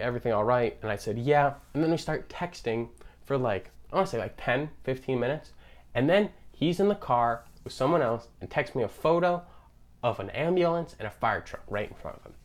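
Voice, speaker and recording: A young man hosting a podcast in a sarcastic, ranting comedic monologue. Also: medium pitch. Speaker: podcast host.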